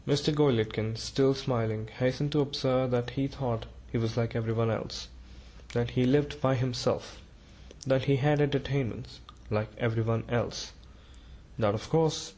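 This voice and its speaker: A man narrating a classic novel as an audiobook, reading in a measured, even way. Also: mid-range voice, rough recording.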